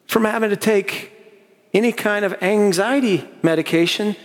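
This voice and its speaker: Man preaching in a reverberant hall. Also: on the high side. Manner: earnest, conversational preaching with slow emphatic stretches. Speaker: pastor. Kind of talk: sermon. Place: church sanctuary.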